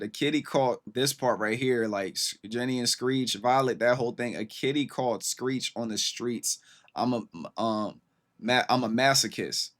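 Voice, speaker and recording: An excited man hosts a casual music reaction. He talks fast and eagerly over the track, reading lines aloud and breaking off to comment. His voice sits at an everyday middle pitch. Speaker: reaction channel host.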